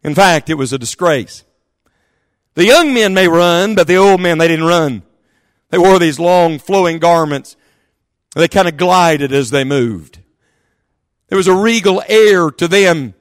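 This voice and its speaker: A man preaching a sermon in church, impassioned, swinging from quick asides to loud, drawn-out calls. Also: a little high, animated, no room sound, studio quality. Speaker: pastor. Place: church service.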